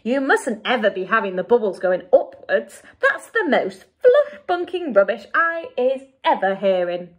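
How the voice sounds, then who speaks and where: A woman's voice: sing-song, unhurried, few pauses, muffled recording. A woman with an English accent voicing a big friendly male giant who speaks in emphatic, jumbled grammar, in a storybook reading. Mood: indignant. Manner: booming, emphatic, garbled grammar.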